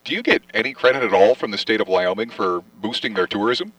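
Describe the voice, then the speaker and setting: A man's voice: lowish voice, expressive, fast. A man interviewing an author, asking friendly questions. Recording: distant, dry mic sound.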